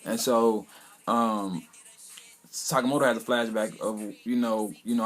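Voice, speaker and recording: A man's voice: on the low side, fairly even intonation, unhurried, fairly bright tone. A man casually recapping an anime episode, rambling along with lots of "you know" and "um". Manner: rambling, loose retelling packed with "you know" and "um". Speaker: anime reviewer.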